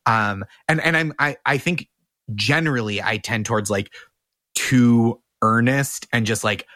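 A man's voice: mid-range voice, a little slow, no echo, clean studio sound. A man, a comedian guest on a podcast, telling stories in casual chat and acting out quotes with bursts of laughter. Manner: animated storyteller who acts out quotes with laughs.

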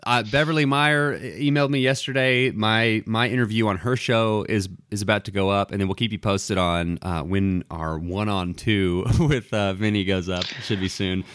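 A man's voice: lowish voice, steady tone, normal speed, hardly any pauses, a bit bright, clean tone, no room sound. A man co-hosting a podcast in casual chat, rambling with many fillers and restarts. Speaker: podcast co-host.

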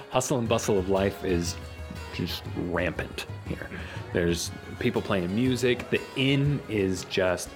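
A man narrating as game master of a tabletop game, lively and halting, with many fillers. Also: deep voice, over music.

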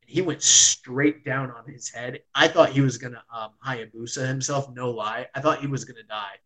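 A man in casual chat, retelling a match as an excitable storyteller who fills his talk with "like" and swears freely. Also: medium pitch, normal speed, rough recording. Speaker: podcast host reviewing wrestling.

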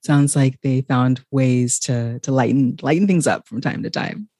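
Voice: mid-range voice, moderate pace, warm tone, breathy edge, no room sound. Chatty interviewer, many fillers, dry sound. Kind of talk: casual video interview.

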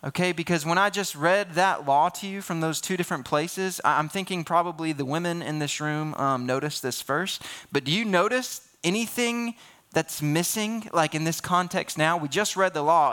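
A man's voice: fairly high pitch, normal speed, a bit bright. A young man preaching a sermon in a casual, conversational way, full of restarts and asides. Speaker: pastor.

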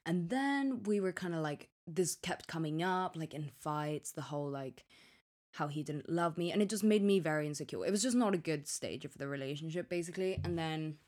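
A woman's voice: low-pitched, expressive, brisk, a little mellow. A young woman co-hosting a podcast, telling a story in casual chat with many restarts and acted-out quotes. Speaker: podcast co-host.

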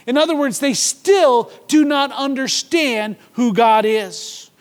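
A man's voice: very high voice, slow pace, long reverb tail. A man preaching a sermon, reading scripture aloud dramatically and acting out mocking voices. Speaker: pastor.

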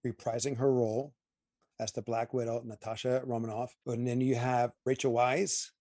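A man's voice: mid-range voice, moderate pace, no echo, studio quality. A man co-hosting a casual movie review chat, emphatic and opinionated as he airs his gripes. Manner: opinionated, emphatic, animated asides. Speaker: podcast co-host.

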